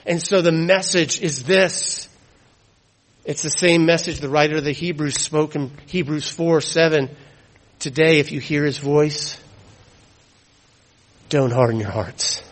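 A man preaching a sermon, emphatic, repeating key phrases and dropping to hushed tones for weight. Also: fairly high pitch, a little slow, long pauses, rough recording.

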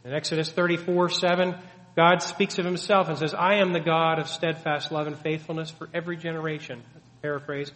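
A man's voice: fairly high pitch, level tone, brisk, fairly bright tone. A man preaching a sermon, teaching earnestly and emphatically with many rhetorical questions. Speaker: pastor. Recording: long hall reverb.

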